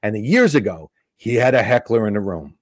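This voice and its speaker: A man's voice: fairly low pitch, brisk, no room sound, studio quality. A middle-aged man, a stand-up comedian, telling a story in a casual talk, acting out the people in it. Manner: animated storytelling with acted-out voices. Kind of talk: storytelling on a podcast.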